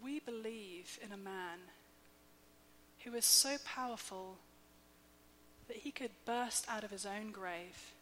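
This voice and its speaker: A woman in her thirties preaching a sermon, slow, measured and emphatic, with soft quiet dips. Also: mid-range voice. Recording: long hall reverb, faint hum.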